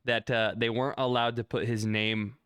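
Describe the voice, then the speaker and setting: A man's voice: medium pitch, little pitch movement, normal speed, a bit bright, clear, resonant tone, no echo. A man co-hosting a podcast in casual chat, wry, steering the talk back to the movie. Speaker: podcast co-host.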